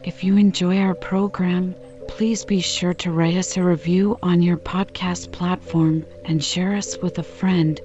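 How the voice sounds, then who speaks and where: A woman calmly reading a classic novel aloud as a bedtime story in a soothing, unhurried way. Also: on the low side, muffled recording, soft background music. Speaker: audiobook reader.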